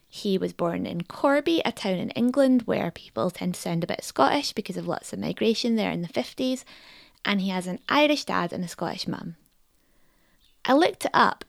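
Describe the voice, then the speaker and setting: A woman's voice: medium pitch, vocal fry, no room sound, studio quality. A woman hosting a podcast, giving scripted, explanatory narration. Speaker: podcast host.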